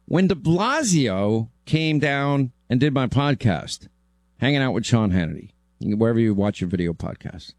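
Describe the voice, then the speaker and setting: A man's voice: mid-range voice, darkish tone, no room sound. A man hosting a talk radio show, talking bluntly and joking around with a guest.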